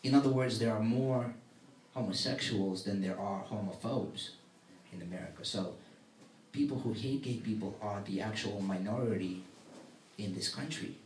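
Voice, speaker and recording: A man doing stand-up comedy in a workout room, soft-spoken and quizzing the audience. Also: on the low side, normal speed, a little hiss or hum. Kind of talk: stand-up comedy with crowd work. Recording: echoey room from a distant mic.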